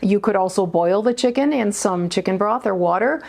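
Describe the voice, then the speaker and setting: A woman's voice: medium pitch, moderate pace, creaky, a little mellow. A woman hosting a home cooking show, chatting casually as she explains each step at the stove in her kitchen.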